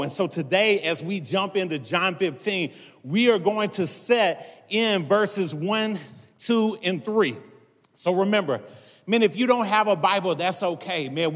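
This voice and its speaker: A man's voice: high-pitched, fairly bright tone. A man, a pastor preaching a casual sermon to his congregation and filling it with "man" and "all right". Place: large church hall. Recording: long hall reverb.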